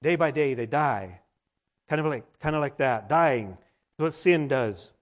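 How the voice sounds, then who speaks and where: A man preaching a sermon, repeating and restarting his phrases for emphasis and often clearing his throat. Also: medium pitch, lively intonation, measured pace.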